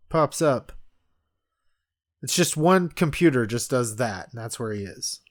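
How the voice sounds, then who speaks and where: A man's voice: mid-range voice, expressive, a little slow, long pauses. A man co-hosting a casual movie-review podcast, rambling with fillers and laughing often. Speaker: podcast co-host.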